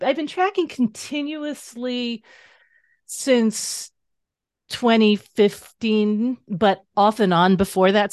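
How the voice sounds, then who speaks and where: A woman guest author talking through her practice in a casual interview, animated and explanatory, laughing easily. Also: medium pitch, no echo, studio quality. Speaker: guest author and tarot teacher.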